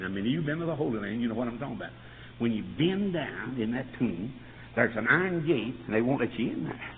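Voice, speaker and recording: An older man preaching a revival sermon in a church, mixing folksy stories with loud bursts of praise. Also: mid-range voice, expressive, normal speed. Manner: swings from folksy storytelling to shouted praise. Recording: phone-like sound in a reverberant church with faint noise.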